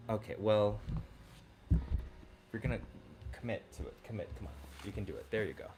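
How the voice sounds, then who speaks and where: A man with a fairly low voice hosts a relaxed livestream from his home kitchen. He chats easily with viewers and slips into cooing baby talk for his dogs. A faint ambient hum sits under his voice. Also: normal speed. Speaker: livestream host. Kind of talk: casual livestream chat while cooking.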